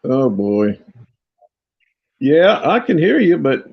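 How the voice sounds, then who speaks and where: Guy drawling real slow, gravelly voice, plainspoken, muffled lo-fi tablet audio. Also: mid-range voice, big pitch swings. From Oklahoma. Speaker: guest on a livestream. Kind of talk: casual livestream chat.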